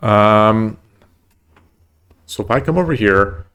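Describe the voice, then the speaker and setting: On his home live stream of online shogi, a man comments as he plays, rambling and stammering with plenty of repeated words while laughing at himself for losing so much. His voice is on the low side, fairly bright, clear, and resonant, with lively intonation, and he takes it slowly.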